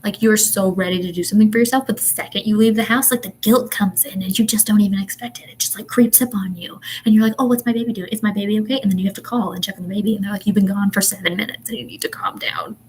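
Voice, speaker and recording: A woman's voice: medium pitch, fairly even intonation, very fast, few pauses, darkish tone, a little hiss or hum, low-quality recording. A young woman, a mother, ranting in a casual livestream chat, exasperated and chatty with lots of ums and laughs. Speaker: vlogger and mother.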